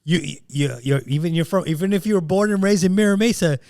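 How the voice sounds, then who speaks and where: A man with a high, gravelly, darkish voice co-hosts a casual podcast, talking quickly in studio-quality audio with no echo. He's emphatic and swears freely, often repeating words at the start of his sentences.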